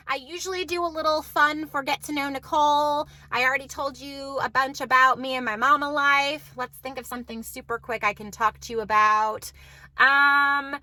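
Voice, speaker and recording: Bubbly bright-voiced mom vlogger. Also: female voice, high voice. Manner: bubbly, emphatic, conversational. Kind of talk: chatty vlog talk to camera. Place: car.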